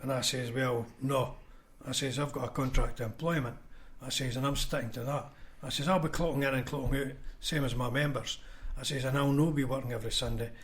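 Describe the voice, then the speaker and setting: In a casual podcast, a former union convener from Scotland tells plain-spoken stories, voicing the other people in them. His mid-range voice is steady in tone, a little fast, with few pauses.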